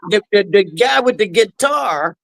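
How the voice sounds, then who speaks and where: A man host telling a halting story in casual talk-show banter, restarting his sentences often. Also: sits high, expressive, gravelly, a crowd in the background, low-quality recording.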